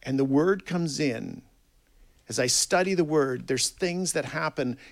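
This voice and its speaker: Gravelly earnest male preacher. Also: a little high, unhurried. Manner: earnest, reads scripture aloud, swings from quiet to loud emphasis. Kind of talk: sermon.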